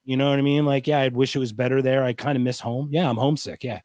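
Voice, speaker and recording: A man from Philadelphia, a guest telling a story over a video call in a rambling, animated way. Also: medium pitch, fast, no echo, dull audio. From East Coast of the United States, Philadelphia. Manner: animated, rambling, full of "like" and asides.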